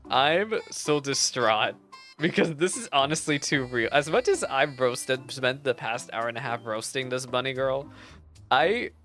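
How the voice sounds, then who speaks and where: A man streaming a video game, reacting out loud with animated, mock-outraged commentary and frequent laughter. His voice is bright and forceful, with faint guitar music playing underneath. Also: medium pitch, normal speed.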